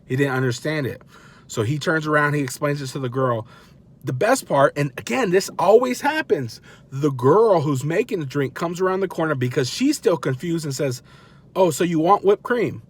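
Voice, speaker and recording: A man in his thirties telling a story in a casual, animated, self-mocking way and acting out the people he quotes. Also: fairly high pitch, moderate pace, slightly rough. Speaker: vlogger dad.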